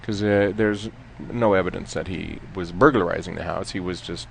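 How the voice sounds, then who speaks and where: A man telling courtroom stories in a casual chat, laughing often and trailing off into quieter asides. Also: low-pitched, fairly even intonation, moderate pace, vocal fry, slight background noise. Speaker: former defense lawyer telling stories.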